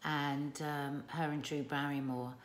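Low-voiced frank British woman. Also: little pitch movement, measured pace. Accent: British English. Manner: frank, emphatic, exclamatory. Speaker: co-host reviewing a TV series. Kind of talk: casual chat. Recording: echoey room.

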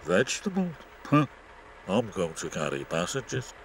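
A British man voicing a boastful, sulky male double-decker bus with gruff, self-important grumbling. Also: on the low side, sing-song, slow, darkish tone, slight background noise, heavily acted.

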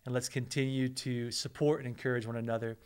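A man's voice: mid-range voice, steady tone, fast, darkish tone, smooth. Earnest man preaching. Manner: earnest, emotional, repeats words. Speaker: pastor. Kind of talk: sermon with prayer.

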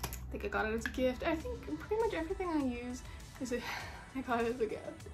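Young woman, high-pitched, sick stuffy voice, casual makeup chat, soft music underneath. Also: very animated, fairly quick. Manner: chatty, self-deprecating, rambling. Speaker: beauty vlogger.

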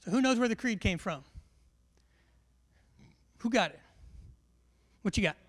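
A man, an instructor giving a humorous, animated briefing to a large class and quizzing the crowd. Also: high voice, measured pace. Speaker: military education instructor.

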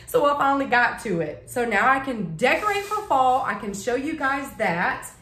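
A woman's voice: a little high, animated, moderate pace, a bit bright, a little hiss or hum. A woman chatting casually to camera, gushing about things she bought and tripping over her words. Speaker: vlogger showing a shopping haul. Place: home living room. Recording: echoey room.

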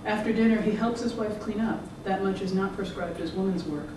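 An author giving a measured, rhythmic public reading of their own fiction. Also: mid-range voice. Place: event room. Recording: echoey room, distant mic, background noise.

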